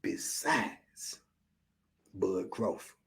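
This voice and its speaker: A man in his fifties, a guest on an interview, talking casually and with animation, often asking "you know what I'm saying" and sometimes dropping to a low murmur. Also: lively intonation, drawn-out words, gravelly, a bit bright. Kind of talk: casual boxing talk.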